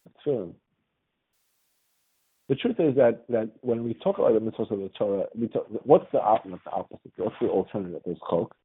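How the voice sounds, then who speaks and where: A man's voice: lowish voice, animated, a little fast, breathy edge. A man teaching a religious class in a conversational lecture style, often checking with his students by asking "right?". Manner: quizzes the class with frequent "right?". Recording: tinny phone-like audio.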